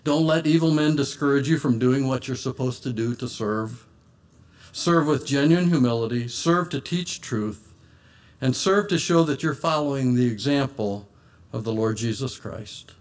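A man's voice: medium pitch, moderate pace. A man preaching an earnest sermon and reading scripture aloud in old-fashioned wording.

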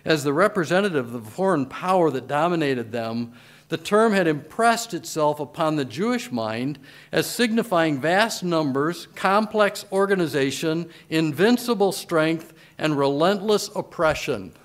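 A man's voice: a little high, animated, measured pace. A man preaching a sermon as pastor, reading scripture with emphatic, swelling delivery. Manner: emphatic scripture reading in old-style wording.

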